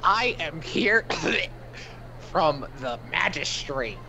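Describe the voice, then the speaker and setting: An overly courteous private detective, played by a tabletop gamer, drawn-out and lively in tone, full of grand greetings. His speech is slow and swoops up and down. A slightly dull recording with a faint hiss. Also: medium pitch, soft background music, voice pushed down, full character voice. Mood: polite. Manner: mock-formal, flowery politeness.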